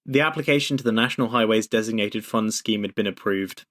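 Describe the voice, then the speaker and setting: A man's voice: lowish voice, quick pace, fairly bright tone. A young man co-hosting a podcast in casual chat, easygoing, often reading things aloud. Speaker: podcast co-host.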